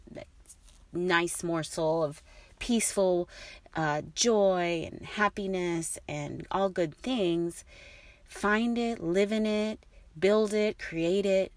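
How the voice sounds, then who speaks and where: A woman's voice: fairly low pitch, no echo. A middle-aged woman talking casually to her listeners, rambling and encouraging with many fillers. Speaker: host.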